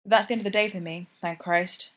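A woman's voice: mid-range voice, fairly even intonation, quick pace, lightly acted. A wry, plain-spoken woman doctor, read by a female narrator. She talks with dry humor and no fuss, in a spoken crime storybook. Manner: dry, frank.

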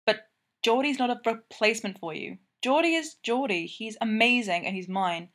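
A woman's voice: a little high, moderate pace, a bit bright, lightly acted. Woman voicing an earnest, impassioned young man. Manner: urgent, emphatic declarations. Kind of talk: audiobook character reading.

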